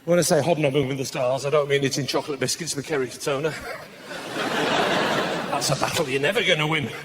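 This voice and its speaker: A man doing live stand-up comedy in a large venue, bantering with the crowd, mocking, and breaking into bursts of shouting. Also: on the high side, fairly even intonation, a little fast, heavy background noise. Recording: live show with loud audience laughter.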